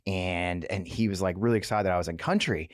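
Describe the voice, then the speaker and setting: Fast-talking, chatty male host. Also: sits low, no echo, studio quality. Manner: fast, chatty storytelling, laughing often. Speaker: podcast host. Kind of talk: casual interview chat.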